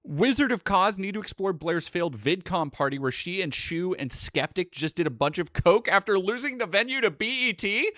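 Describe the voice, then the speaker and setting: A man's voice: high voice, lively intonation, normal speed, few pauses, fairly bright tone, dry recording, studio quality. A man live streaming, rambling through sarcastic casual commentary with lots of restarts.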